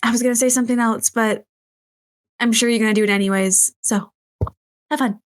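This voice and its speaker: A woman's voice: a little high, steady tone, brisk. A woman playing a tabletop role-playing game, chatty and teasing, full of "like". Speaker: player. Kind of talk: casual tabletop role-play banter.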